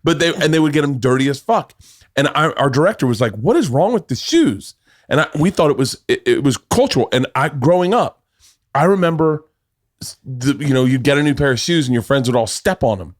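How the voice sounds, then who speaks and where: A middle-aged man hosting a podcast, telling animated stories in casual chat, swearing freely and laughing as he talks. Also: mid-range voice, a little fast. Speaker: podcast host.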